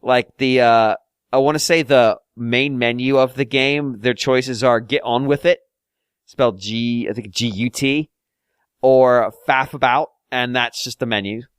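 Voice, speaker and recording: A man's voice: mid-range voice, steady tone, a little slow, smooth, no room sound, clean studio sound. A man co-hosting a podcast, chatting casually about a game in a rambling way, with lots of fillers and restarts. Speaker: podcast co-host. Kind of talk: casual chat.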